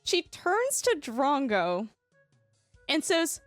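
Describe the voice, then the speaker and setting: A young woman tells a story to her stream, and she laughs often. Her voice sits high and swings widely. She talks slowly and lets her lines hang, and faint music plays behind her. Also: dry recording. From Canada. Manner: animated, laughs often while telling the story. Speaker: livestreamer. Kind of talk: casual storytelling chat.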